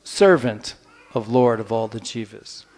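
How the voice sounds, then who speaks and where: A man giving a humorous storytelling lecture, playful and animated, drawing the audience in. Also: mid-range voice, a little slow.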